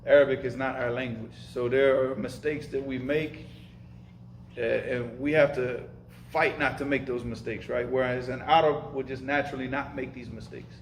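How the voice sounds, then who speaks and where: This Arabic and Islamic studies teacher, a man, leads an informal lesson with live questions at a normal speed, his medium-pitched voice steady in tone. His style is casual and emphatic, full of repetition and sprinkled with Arabic terms. Recording quality is poor: the room echoes and there's slight background noise.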